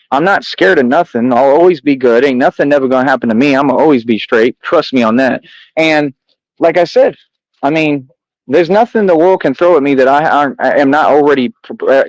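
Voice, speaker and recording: A man delivers a defiant monologue to camera, boasting and daring his critics in loose street slang. His voice sits at a middle pitch and sounds close and dry, with no room around it. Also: a little mellow, no room sound, poor audio. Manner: boastful, combative, repetitive slang-heavy street talk. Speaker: vlogger addressing critics.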